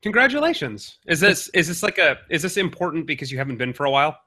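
A man's voice: on the high side, big pitch swings, fast, bright, forceful tone. A man from Minnesota co-hosting a podcast, chatting casually and teasing his co-host. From Minnesota, USA. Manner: teasing, joking banter. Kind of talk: casual chat. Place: suburbs of Minnesota.

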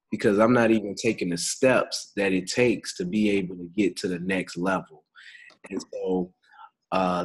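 A man's voice: lowish voice, slightly rough, rough recording. A young man co-hosting a podcast in a casual, slangy, laid-back way, chuckling between thoughts. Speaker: podcast co-host.

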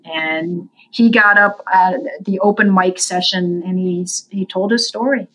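A woman telling a story as a guest in an interview, in an earnest, unhurried way, livening it up when she quotes people. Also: low-quality recording. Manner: animated, voices the people in her story with big pitch jumps. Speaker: guest from a veterans' services group.

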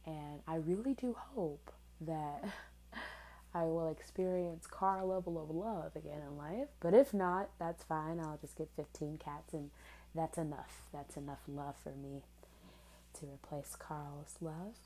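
A woman's voice: low voice, measured pace, mellow, poor audio. A woman in her twenties telling a personal story in a candid, sarcastic way, swearing casually. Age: 20s.

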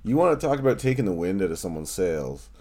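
A man's voice: sits low, very animated, fast, a little mellow. A man hosting a podcast, chatting casually and ranting with heavy swearing. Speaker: podcast host. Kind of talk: casual chat.

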